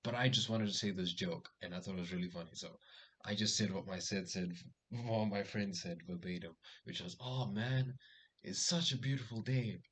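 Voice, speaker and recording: A man's voice: sits low, brisk, slightly rough, poor audio. A young man casually telling a personal story as social advice, full of fillers and restarts. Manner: rambling, many fillers and restarts; lively quoted dialogue in story. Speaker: vlogger giving social advice.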